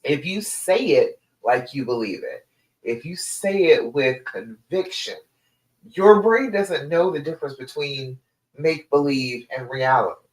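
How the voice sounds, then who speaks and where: A woman's voice: rumbling low, lively intonation, a little slow, darkish tone. A woman relationship coach giving a direct, emphatic live stream talk to her listeners. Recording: echoey room.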